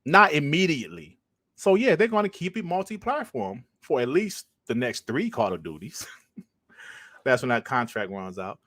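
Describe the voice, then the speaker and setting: A man's voice: medium pitch, sing-song, moderate pace, a bit bright, no room sound, clean studio sound. A man hosting a podcast, ranting casually and emphatically, swearing and repeating points for stress. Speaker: podcast host.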